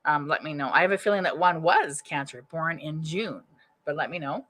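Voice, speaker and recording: A woman's voice: deep voice, normal speed, a bit bright. A woman doing a live-streamed psychic reading, casual and rambling, restarting sentences as she thinks aloud. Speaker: psychic medium. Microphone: webcam or computer mic.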